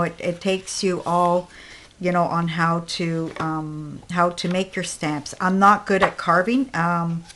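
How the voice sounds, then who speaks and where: A woman's voice: lowish voice, fairly bright tone. A woman crafting vlogger showing her projects in a casual, rambling talk full of fillers and restarts, short of breath. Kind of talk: casual show-and-tell vlog.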